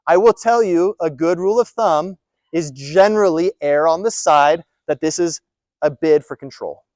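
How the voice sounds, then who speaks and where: A man with a high voice gives a live talk to a room of caregivers. He is emphatic and keeps asking rhetorical questions and repeating key points. The sound is dry, with little room echo. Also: moderate pace, a little mellow. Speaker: presenter. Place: presentation room.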